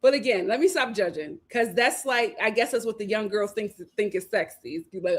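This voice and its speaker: A woman hosting a casual livestream, reading viewer comments aloud, animated and laughing often as she talks. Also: mid-range voice, moderate pace, few pauses. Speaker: host of a reality TV review livestream.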